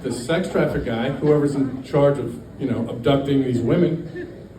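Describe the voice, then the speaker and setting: A man doing a stand-up set in a brewery, deadpan and rambling, with lots of fillers. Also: mid-range voice, a little slow, slight background noise. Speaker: stand-up comedian. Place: brewery stage. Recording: echoey room, distant mic, faint ambience.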